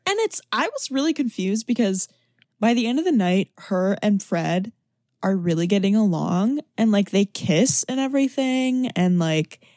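A woman's voice: medium pitch, moderate pace, dry recording, clean studio sound. A young woman in casual conversation about a movie, talking loosely with lots of "like" fillers. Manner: chatty, many "like" fillers, animated quoting.

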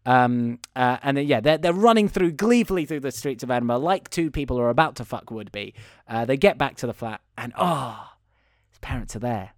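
A man's voice: medium pitch, animated, a little fast, no echo, clean studio sound. A man hosting a casual podcast, chatting animatedly about a film plot with self-deprecating asides. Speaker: podcast host and editor. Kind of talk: casual film review chat.

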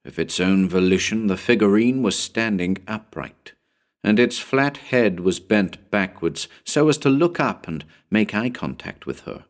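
Deep voiced guy reading a creepy story, really expressive, suspenseful audiobook narration. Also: unhurried.

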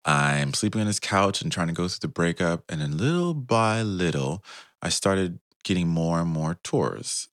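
A man, a guest on an interview show, telling an animated story about founding his tour company and laughing often. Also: sits low, moderate pace, no room sound, clean studio sound. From United States.

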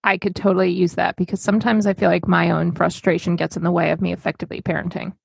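A woman in a casual chat, chiming in with quick remarks. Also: on the low side, level tone, creaky, slightly rough, no echo.

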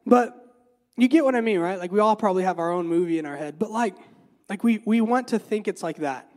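Guy preaching like he's just chatting, kinda high voice, lots of "like" and "you know". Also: fairly quick. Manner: animated, filler-heavy, repeats words, asks rhetorical questions. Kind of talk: conversational sermon.

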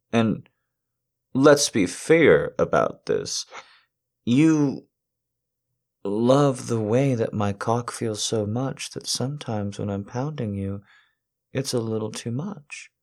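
A man's voice: lowish voice, a little mellow. A man performing a domineering erotic audio role-play monologue, taunting and commanding the listener.

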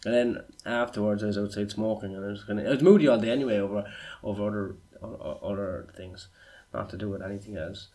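A man's voice: fairly low pitch, fast, warm tone. A man, a stand-up comedian telling a story in casual chat and swearing freely. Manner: swearing, storytelling, self-deprecating.

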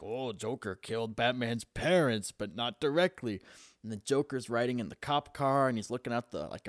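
A man's voice: medium pitch, a little mellow, dry recording, clean studio sound. A young man in casual chat, rambling on as he retells a story and swearing constantly.

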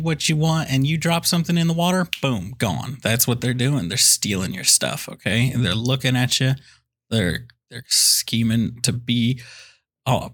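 A man co-hosting a comedy movie podcast, his voice set at an ordinary middle pitch. He rants loudly in playful bits, jumping into mock quoted voices as he riffs. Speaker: podcast co-host. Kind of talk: comedic movie review banter.

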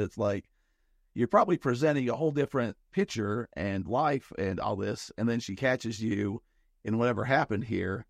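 A man's voice: lowish voice, normal speed, gravelly, no room sound, studio quality. A man co-hosting a podcast in casual chat, rambling and thinking aloud with many restarts. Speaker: podcast co-host.

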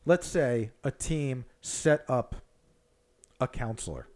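Man, middle pitch, animated ranting, profane, casual sports chat. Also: slow pace. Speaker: podcast co-host, hockey coach.

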